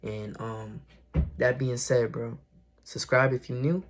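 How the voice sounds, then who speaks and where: A man's voice: medium pitch, little pitch movement, slow. Earnest young man rambling to camera. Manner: earnest, rambling, repeats himself, slangy. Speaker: vlogger. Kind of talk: casual motivational talk to camera.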